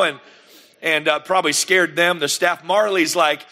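A middle-aged man, a pastor telling lively family stories in a sermon and acting out the scenes. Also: a little high, moderate pace. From United States. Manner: animated, lively storyteller who acts out scenes. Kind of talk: sermon storytelling.

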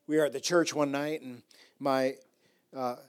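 A middle-aged male pastor tells a story in his sermon, animated and climbing to loud, emphatic bursts, often repeating and restarting phrases. His medium-pitched voice is clear and resonant, with a measured pace.

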